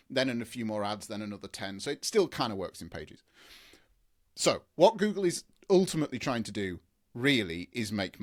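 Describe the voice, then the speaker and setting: Male guest expert, enthusiastic rambling explainer, restarts often, mid-pitched. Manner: enthusiastic, rambling, frequent restarts and long lists. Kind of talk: conversational explaining in an interview.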